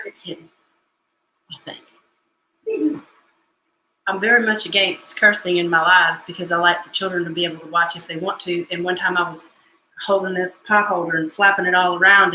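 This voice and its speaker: A bright, chatty woman talks her viewers through a recipe live from her home kitchen. She jokes and chats in a folksy, animated way. The room rings with echo, and a faint hum sits underneath. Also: fairly low pitch. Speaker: home cook hosting a live stream. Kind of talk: casual live cooking chat.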